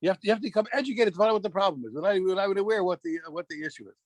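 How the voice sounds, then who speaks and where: A man teaching a daf yomi Talmud class, animated, restarting phrases and quizzing his students. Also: high-pitched, racing, no room sound.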